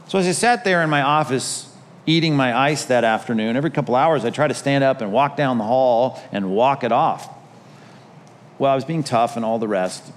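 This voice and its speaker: A man's voice: mid-range voice, a little hiss or hum. Male pastor, chatty storytelling sermon, echoing church hall. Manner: storytelling, conversational with self-deprecating humor. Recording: reverberant hall, faint ambience.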